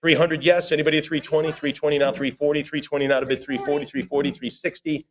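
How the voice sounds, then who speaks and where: A male auctioneer calls a live sale in a quick, rhythmic chant of rising numbers. He breaks off now and then for easygoing, chatty remarks. His voice sits a little on the higher side. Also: flat delivery. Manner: rapid rhythmic bid calling with chatty asides.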